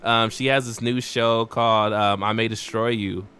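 A young man co-hosting a podcast in casual chat, animated, swearing a lot and calling his friend "bro.". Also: fairly low pitch, moderate pace, clear, resonant tone. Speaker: podcast co-host.

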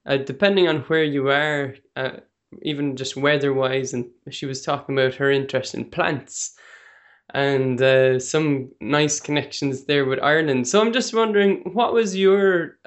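A man's voice: medium pitch, unhurried, fairly bright tone. A man hosting a podcast interview, asking open questions and encouraging his guest. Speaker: podcast host. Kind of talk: casual interview chat.

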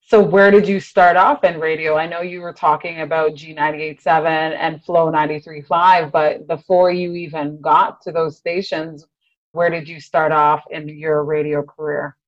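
A woman's voice: low voice, flat delivery, moderate pace, muffled recording. A young woman hosting a radio interview, asking questions in a friendly, reactive way. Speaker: radio host.

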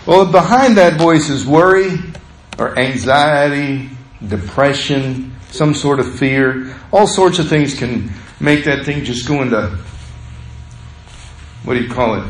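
A man preaching to his congregation in a relaxed, storytelling way, his voice a touch higher than most. The sound rings around an echoey church room, with a faint hiss underneath. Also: slow. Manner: conversational, animated storytelling with laughs. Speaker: pastor. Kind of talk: sermon.

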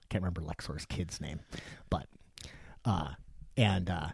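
A man's voice: sits low, slow pace, vocal fry, slightly rough, no echo, clean studio sound. A man in his forties co-hosting a casual podcast chat, swearing freely and telling rambling stories. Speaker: podcast co-host.

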